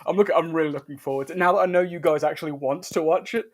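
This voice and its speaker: A man's voice: a little high, racing. A man co-hosting a casual watch-party chat about a film, joking and laughing often. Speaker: co-host.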